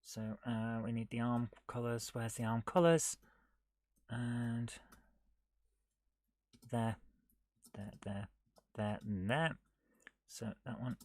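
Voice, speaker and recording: A man streaming himself coding a retro game live, thinking aloud, muttering half to himself and scolding his software. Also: medium pitch, takes it slowly, pauses often, no room sound. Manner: muttering to himself while he works, often dropping to a near whisper; chatty and self-mocking, scolding the software.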